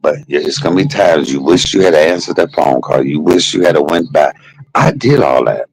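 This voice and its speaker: A man streaming a casual storytelling monologue, animated and laughing, shifting between jokes and heartfelt moments. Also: rumbling low, moderate pace, slightly rough, rough recording.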